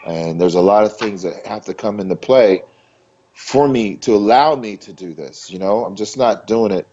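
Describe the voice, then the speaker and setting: A low-pitched man talks casually in an interview, stressing his points by repeating words. His manner is loose and emphatic. The recording is dull and lo-fi. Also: moderate pace, mellow. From Maryland. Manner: emphatic, repetitive, loose and conversational. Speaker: interview guest, bodybuilder.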